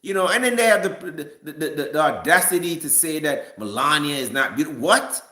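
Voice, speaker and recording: A man's voice: on the high side, lively intonation, a little fast, pushed and bright, echoey room. A man giving a casual, rambling opinion rant to a live chat, stumbling and restarting often. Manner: rambling, frequent restarts and stammers. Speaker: live-stream commentator.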